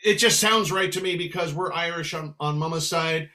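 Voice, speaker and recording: An older man from San Francisco, a veteran musician, telling lively stories in an interview and slipping into voices. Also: fairly high pitch, moderate pace, hardly any pauses. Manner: animated storyteller who slips into Irish brogue for quoted voices. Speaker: guest musician. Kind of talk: storytelling in a podcast interview.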